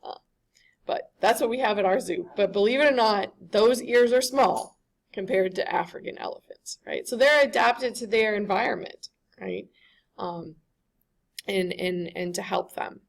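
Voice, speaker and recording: A woman's voice: mid-range voice, moderate pace, gravelly. A woman giving a classroom lecture, conversational and often checking in with the students.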